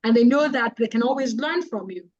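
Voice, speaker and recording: A woman's voice: fairly high pitch, expressive, brisk, a little mellow, lo-fi sound. A woman giving a public speaking talk on an online call, speaking earnestly and repeating key phrases for emphasis. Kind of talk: guest talk on a webinar.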